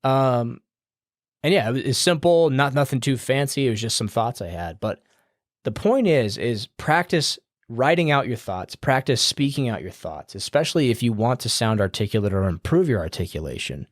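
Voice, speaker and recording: A man's voice: mid-range voice, very animated, moderate pace, no echo, studio quality. A man hosting a podcast, giving casual advice in a loose, rambling way with fillers and the odd swear word, in an upbeat, smiling tone. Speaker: podcast host.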